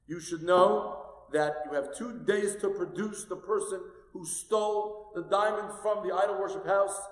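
A man's voice: high-pitched, unhurried, pitched above the performer's own voice. A man voicing a stern king issuing a threatening edict, raising his voice in an echoey hall.

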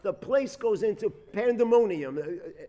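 A man preaching as a rabbi, telling a story with dramatic swings between loud bursts and soft, quiet reflection. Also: sits high, lively intonation, moderate pace. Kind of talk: sermon storytelling. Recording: long hall reverb.

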